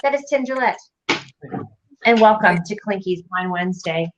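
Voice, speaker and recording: A woman hosting a casual video-call livestream from her home office, bubbly and affectionate with quick asides. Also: medium pitch, lively intonation, lo-fi sound, background noise. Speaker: host.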